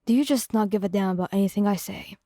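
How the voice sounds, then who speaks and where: A hot-tempered young man with a harsh, cursing bite, as a woman puts him on in a lowered voice. The tone stays mellow rather than bright, and the sound is dry and close, like a story read straight into the mic. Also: fast, no echo, close to an everyday voice. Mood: angry.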